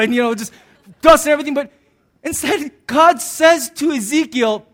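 Male pastor, middle-aged, high voice, animated jokey sermon delivery. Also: fairly quick.

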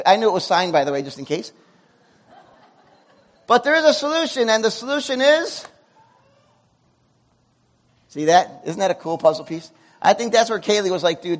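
A man preaching a sermon to a congregation, animated, with loud emotional peaks and quiet asides. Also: high-pitched. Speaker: pastor. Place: church sanctuary before a congregation.

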